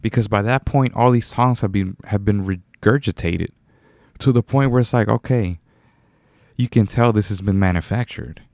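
Young dude rambling solo on his podcast, lowish voice, dry sound, keeps restarting his sentences. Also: normal speed, darkish tone, no echo. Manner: rambling, self-correcting, chuckles often. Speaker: podcast host. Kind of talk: casual solo podcast monologue.

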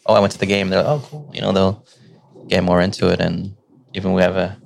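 A middle-aged man talks like a teacher among friends, relaxed and rambling. His voice sits very low and turns gravelly with fry. Faint clicking sounds are heard behind him. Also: fast, a little hiss or hum. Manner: relaxed, rambling storytelling with many fillers. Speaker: teacher and podcast guest. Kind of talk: casual conversation.

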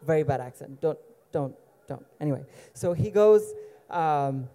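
Male storyteller from Dubai: smooth, resonant voice, casual and digressive, with dry asides. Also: a little high, expressive, a little slow, dark tone. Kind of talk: live personal storytelling.

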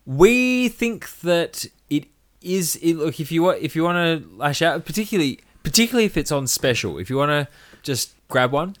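A man's voice: a little high, moderate pace, few pauses. A man co-hosting a podcast, chatting casually and often restarting his sentences. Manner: animated, restarts and self-corrections. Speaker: podcast co-host. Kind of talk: casual whisky podcast chat.

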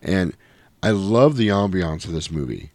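A man's voice: low voice, animated, unhurried, a little mellow, dry recording. A middle-aged man co-hosting a podcast, recapping a film in a rambling, casual way and acting out lines in voices. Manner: rambling, quoting scenes in voices. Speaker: podcast co-host. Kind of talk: casual movie recap chat.

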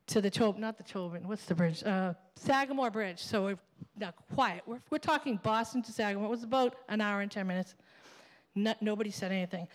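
Woman telling a story in a theater. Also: medium pitch. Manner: animated, profane, laughing at her own story. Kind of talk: live stage storytelling. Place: theater stage. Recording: long theater reverb.

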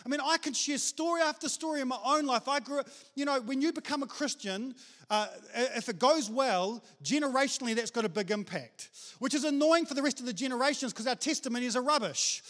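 A male pastor gives an energetic, chatty sermon, self-mocking and full of casual slang. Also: very high-pitched, brisk. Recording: long hall reverb.

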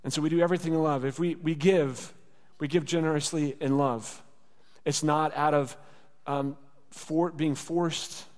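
Speaking at normal speed with fairly even intonation, a man preaches an earnest, conversational sermon as pastor, repeating phrases for rhetorical effect. His voice is on the high side and a little mellow, and the sanctuary's long reverb surrounds him.

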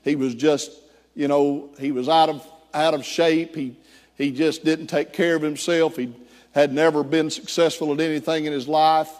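With a long reverb tail behind his voice, which sits on the high side, a pastor narrates a story in his sermon. He animatedly performs the voices of the people in the tale.

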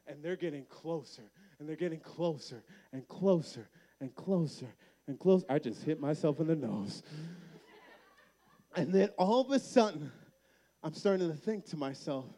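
A young man speaking high, telling a lively story to a room full of students. He acts out his family's lines and then goes soft and earnest for the closing appeal. He sounds like a camp speaker preaching from a stage. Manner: animated storyteller acting out the people in his story. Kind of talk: sermon-style storytelling to students. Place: large room with an audience.

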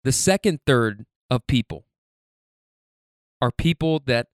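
A man's voice: mid-range voice, lively intonation, clear, resonant tone, dry recording. Emphatic, swearing man in a dry recording. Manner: emphatic, profane, halting repetitions. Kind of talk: candid personal monologue.

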